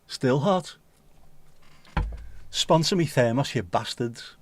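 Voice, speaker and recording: A man's voice: medium pitch, animated, takes it slowly, dry recording. A man with a Scouse accent hosting a livestream, chatting casually in a rambling, jokey, sweary way. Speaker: livestream host. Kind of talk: casual chat.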